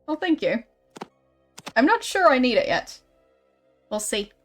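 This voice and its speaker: Young woman streaming a game, chill and chatty, highish voice, bit of music behind. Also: takes it slowly. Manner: relaxed, chatty, greets viewers.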